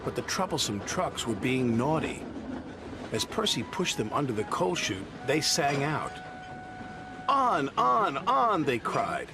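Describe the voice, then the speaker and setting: A man narrating a children's story with an animated, scripted delivery. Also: mid-range voice, a little slow, noisy background. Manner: lively, animated telling. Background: background music.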